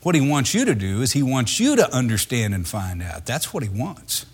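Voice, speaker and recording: A man preaching a sermon in a lively, conversational way, reading scripture and then explaining it with laughter and acted-out voices. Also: mid-range voice, normal speed, breathy edge.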